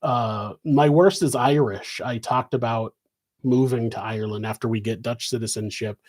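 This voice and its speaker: A man's voice: mid-range voice, steady tone, moderate pace, darkish tone. Rambling middle-aged man, casual host. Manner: loose and meandering, many restarts. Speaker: host answering viewer questions. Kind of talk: rambling live Q&A chat. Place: home office.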